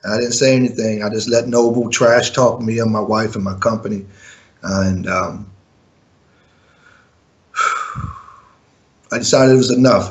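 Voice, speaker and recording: A man who once managed a music group, giving an interview and telling his side with indignant, animated storytelling full of fillers and restarts. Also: fairly low pitch, highs cut off. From living in Europe.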